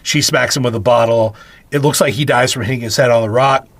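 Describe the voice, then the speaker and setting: A man at a middle pitch, recorded close and dry with no room sound. He recaps a movie for a podcast and drops sarcastic, profane asides along the way. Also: steady tone, quick pace, creaky, no room sound. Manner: wry, sarcastic asides with swearing. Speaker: podcast co-host. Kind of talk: casual film-review chat.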